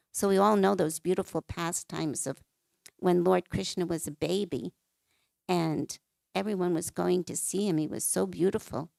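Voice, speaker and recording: Gravelly-voiced woman telling temple stories. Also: fairly low pitch, a little mellow, dry recording. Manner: narrates scripture stories, acts out quoted lines. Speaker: temple class speaker. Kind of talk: devotional storytelling class.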